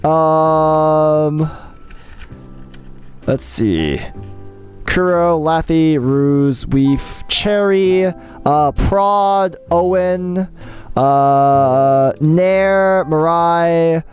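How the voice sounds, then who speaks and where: A young adult live streamer chatting casually with viewers, excitable and chatty, often restarting sentences. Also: mid-range voice, extremely slow, soft background music. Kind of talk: casual chat while reading stream chat.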